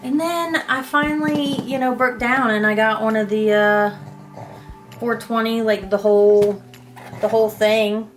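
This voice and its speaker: A woman's voice: on the high side, fairly even intonation, a little slow, soft background music. A young woman vlogger chatting casually about her makeup, rambling and self-deprecating, with casual swearing. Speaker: beauty vlogger. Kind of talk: casual makeup declutter chat.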